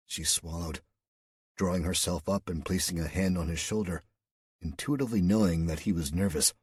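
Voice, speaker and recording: A man narrating an audiobook in a steady, measured storytelling voice. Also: deep voice, slightly rough, dry recording, clean studio sound. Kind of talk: scripted narration.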